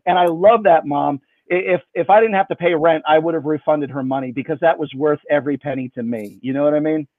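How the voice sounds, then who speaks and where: High-voiced man telling a funny story. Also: quick pace, hardly any pauses, no room sound. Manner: animated, jokey storyteller. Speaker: magician, guest. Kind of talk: casual storytelling. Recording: dry, tinny phone-like line.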